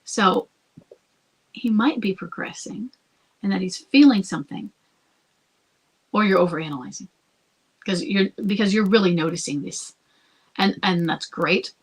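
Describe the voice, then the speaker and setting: Husky woman giving advice. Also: medium pitch, unhurried, long pauses, low-quality recording. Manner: conversational, thinks aloud, sometimes drops to a whisper. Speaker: podcast host and coach. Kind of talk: advice talk answering a listener.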